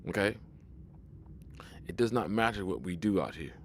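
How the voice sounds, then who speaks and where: A man's voice: deep voice, expressive, normal speed, slight background noise. A man giving a casual spoken commentary monologue, emphatic and preachy, often restarting and repeating words as he pushes his point. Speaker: video commentator.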